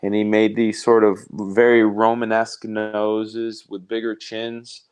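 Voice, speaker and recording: Guy hosting a live art stream, lowish voice, smooth and clear, rambles and jokes, reads chat comments. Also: completely flat delivery, measured pace. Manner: rambling, self-interrupting, jokey. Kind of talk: casual chat while reading live comments.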